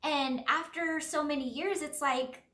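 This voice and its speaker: A woman's voice: sits high, steady tone, a little slow, pushed and bright. A woman talking through a casual, reflective monologue as a spiritual healer, in an earnest, rambling way full of fillers. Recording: roomy echo.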